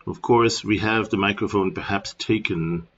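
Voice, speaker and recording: A man with a German accent casually walking through a software tutorial at his computer, rambling with plenty of filler words. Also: fairly low pitch, normal speed. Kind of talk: casual screen-recording tutorial. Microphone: computer microphone. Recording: dull lo-fi screen recording.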